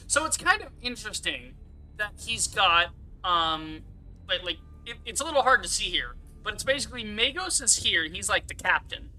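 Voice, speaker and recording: Gaming streamer, man, fairly high, very bright tone, rambling and giggly. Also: very animated, normal speed, soft background music. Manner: rambling, giggly, swears freely. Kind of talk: casual gameplay commentary.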